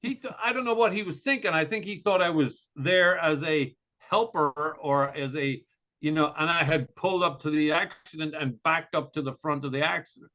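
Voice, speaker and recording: A man's voice: on the high side, normal speed, bright, forceful tone. A man co-hosting a podcast, telling a story in casual chat, acting out the quotes and laughing often. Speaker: podcast co-host. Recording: dull lo-fi sound.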